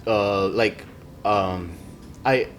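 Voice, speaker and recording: A man's voice: lowish voice, fairly even intonation, extremely slow, soft background music. A man telling his own story as a podcast guest in casual chat, rambling with lots of fillers and swearing. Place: podcast studio.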